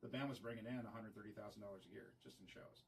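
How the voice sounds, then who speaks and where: A man telling a profane, animated story from his band days in a casual stream chat. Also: fairly low pitch, quick pace, a little hiss or hum. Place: recording studio. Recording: voice picked up from a distance.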